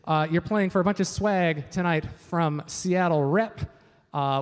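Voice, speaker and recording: A man from Washington state hosting a live stage quiz, upbeat and chatty with joking asides, on a stage microphone. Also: sits high. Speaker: quiz host. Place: large event hall. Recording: reverberant hall sound.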